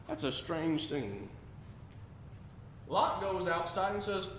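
A man preaching a sermon, emphatic, swinging between loud declarations and quiet asides. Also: very animated, slow, pauses often. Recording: echoey room with faint rumble.

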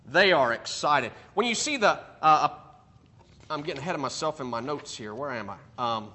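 A man teaching a Bible class, animated, acting out quoted speech and thinking aloud with restarts while checking his notes. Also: mid-range voice, normal speed. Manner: animated, acts out quoted speech with rising emphasis.

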